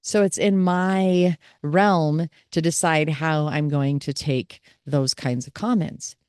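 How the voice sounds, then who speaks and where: A woman's voice: low-pitched, steady tone, takes it slowly, a little mellow, clean tone, dry recording, studio quality. A woman podcast host and family caregiver speaking in a candid, reflective personal monologue.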